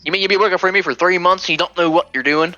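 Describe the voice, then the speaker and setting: A man's voice: high voice, steady tone, racing, pushed and bright, dry recording, highs cut off, soft background music, voice pushed up. A man voicing a grumpy, bossy old male halfling merchant who barks orders and curses. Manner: barking, bossy, cursing.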